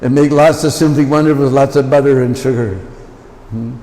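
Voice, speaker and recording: A man's voice: medium pitch, fairly even intonation, a little fast, mellow. A man giving a temple lecture full of anecdotes, with chatty asides to the listeners. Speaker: visiting lecturer. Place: large temple hall. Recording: long temple hall reverb.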